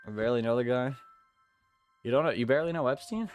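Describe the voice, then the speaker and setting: He talks fast but leaves long pauses, his mid-range voice dark yet clear and resonant. As he plays, he banters with viewers in loose, slang-heavy jokes, with soft music behind him.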